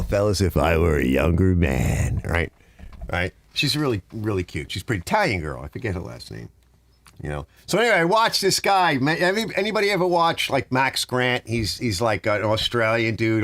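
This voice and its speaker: Animated middle-aged man ranting. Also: on the low side, normal speed, no room sound. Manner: rambling, ranting, reading out chat. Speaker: host of a live garage stream. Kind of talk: casual live-stream chat with viewers. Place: home garage.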